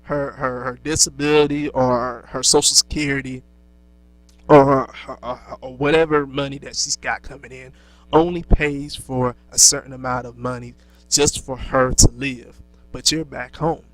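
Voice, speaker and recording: A man's voice: mid-range voice, fairly even intonation, moderate pace, a bit bright, no room sound, poor audio. A man lecturing in a preachy monologue, asking rhetorical questions and answering them himself, with many fillers and restarts. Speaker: speaker lecturing young black men.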